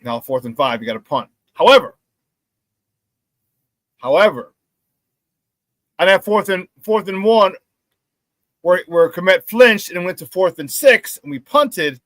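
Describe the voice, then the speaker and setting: A man hosting a casual sports talk show, telling stories excitedly with many restarts and repeated words. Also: high voice, unhurried, pauses often, no room sound.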